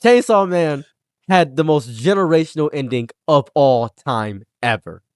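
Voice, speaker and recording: Brief: lively, slightly high male host, dry close mic, excitable stammering ranter. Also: unhurried, smooth, no room sound. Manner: animated, laughing, stammering restarts. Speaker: podcast host. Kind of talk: casual commentary chat.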